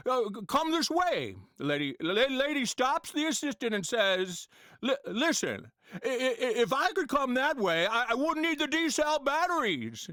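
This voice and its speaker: A man's voice: very high voice, big pitch swings, normal speed, pushed and bright, no room sound, studio quality, pitched above the performer's own voice, exaggerated voice. A man doing an impression of a folksy older male movie star who stutters and repeats words while telling a joke. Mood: amused. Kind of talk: comedy impression sketch.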